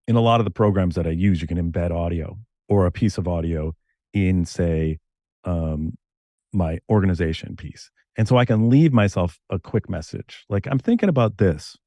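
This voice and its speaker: During a casual interview, a middle-aged guest from Connecticut who writes novels and screenplays shares stories in lively, rapid bursts. The audio has no room sound, and his voice is low-pitched.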